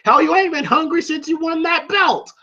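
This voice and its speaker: A man putting on a gruff old male boxing trainer who scolds bluntly. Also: on the high side, expressive, moderate pace, sharp tone, lo-fi sound. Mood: urgent.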